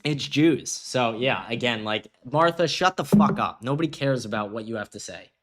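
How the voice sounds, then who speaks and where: A man's voice: medium pitch, animated, moderate pace, a bit bright. A young man hosting a livestream show, reading viewer comments aloud and answering them in a heated, profane rant. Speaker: host.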